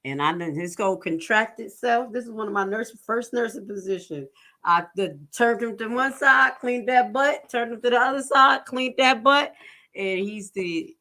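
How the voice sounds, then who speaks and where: A woman commentary vlogger tells stories in a blunt, profane, preachy style. Her voice is a little high, bright and forceful, at a moderate pace.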